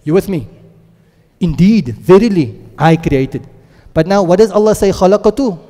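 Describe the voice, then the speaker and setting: A man's voice: high voice, a little fast, warm tone. A man teaching a Quran and Arabic grammar class, who keeps asking the class questions and drilling words aloud. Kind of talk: classroom lecture. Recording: long echo of a lecture hall.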